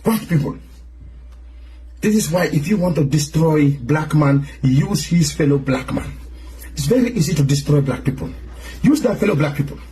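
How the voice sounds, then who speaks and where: A man delivering a furious, profane rant, his voice pitched high and leaping up and down. He hammers his points again and again. A faint hiss sits behind him. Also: animated, normal speed, dark tone. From Africa outside South Africa. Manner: furious, profane, repeats himself. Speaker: commentator. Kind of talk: angry rant to camera.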